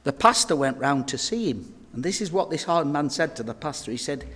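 Preaching a sermon in a church hall with long reverb, a man tells earnest, funny stories and speaks directly to his congregation. His voice is a little high, expressive, and fairly bright with a slightly rough quality, and he talks a bit fast.

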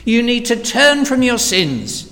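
A man preaching a sermon, slow and emphatic, swinging from hushed whispers to loud cries. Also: very high-pitched, big pitch swings. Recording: long reverb of a large hall.

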